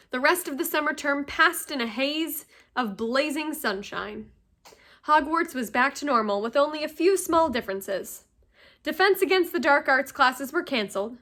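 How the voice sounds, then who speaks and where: A woman teacher reads a novel aloud with a steady, expressive storytelling delivery. Her voice sits high for a woman, and she keeps an even, engaging flow from line to line. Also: moderate pace.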